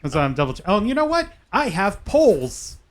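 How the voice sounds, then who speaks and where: A man's voice: sits high, huge pitch swings, brisk. A man hosting a live game stream, chatting casually and joking with friends and viewers. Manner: jokey, easygoing, talks to chat viewers. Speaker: streamer and host. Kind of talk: casual chat while playing a video game.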